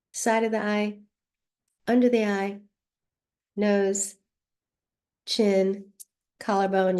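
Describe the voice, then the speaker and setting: A middle-aged woman leads a tapping lesson in an expressive, hands-on way, voicing the feelings she is working through as she teaches. Her pitch sits in a mid range. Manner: expressive, acts out emotions while teaching. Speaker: tapping coach. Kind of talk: instructional demonstration.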